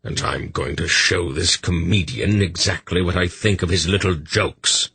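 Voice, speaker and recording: A man reading an audiobook, voicing a gruff, irritable older sorcerer who snaps and growls. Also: sits low, unhurried, bright, forceful tone, no echo, exaggerated voice. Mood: growling. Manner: gruff, snapping and angry.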